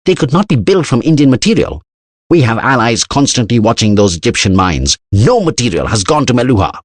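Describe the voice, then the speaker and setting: A man's voice: mid-range voice, very animated, fairly quick, dry recording, voice pushed up. A man voicing a fierce, commanding woman who speaks sharply and accusingly.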